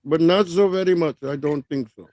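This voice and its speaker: A man with a Long Island New York accent, chatting casually and profanely on a livestream, telling animated stories. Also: fairly high pitch, moderate pace, dry recording. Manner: loose, profane, animated storytelling.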